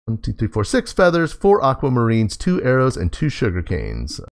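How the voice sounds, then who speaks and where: A man's voice: medium pitch, wildly swooping pitch, moderate pace. A man casually commenting on his game as he plays, chatting to in-game animals and laughing often. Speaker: gaming host. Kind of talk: casual let's play commentary.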